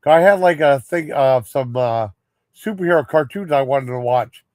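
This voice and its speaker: A man's voice: medium pitch, expressive, moderate pace, darkish tone, dry recording. Rambling, swearing man with a dry voice. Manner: rambling, frustrated, swears freely. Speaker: live stream host. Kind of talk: casual storytelling chat.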